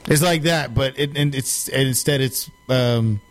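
A man's voice: mid-range voice, measured pace. A young man in casual chat, blunt and joking, swearing often.

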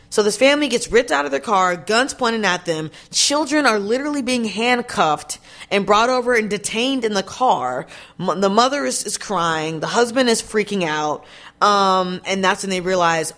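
A woman in a casual vlog, talking straight to her viewers about a news story. She is blunt and indignant and swears freely. Her voice sits at an ordinary middle pitch. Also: expressive, measured pace, fairly bright tone. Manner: chatty, addresses viewers directly.

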